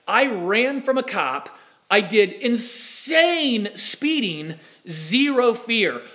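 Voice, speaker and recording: Bright, high-voiced man telling a story. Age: 40s. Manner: animated, acts out quoted voices. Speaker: speaker. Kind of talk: storytelling talk.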